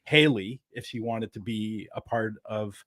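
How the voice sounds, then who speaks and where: A man hosting a podcast, chatting in an easygoing, friendly way with some halting restarts. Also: fairly low pitch, a bit bright, dry recording, clean studio sound. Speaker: podcast host. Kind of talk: casual podcast chat.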